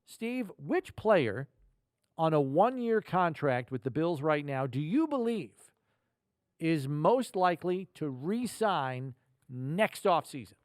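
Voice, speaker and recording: A man's voice: on the high side, slow, no room sound, studio quality. A man co-hosting a sports podcast, quizzing his partner and talking roster moves. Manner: lively quizmaster, reads ad copy. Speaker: podcast co-host. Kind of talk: sports podcast quiz and chat.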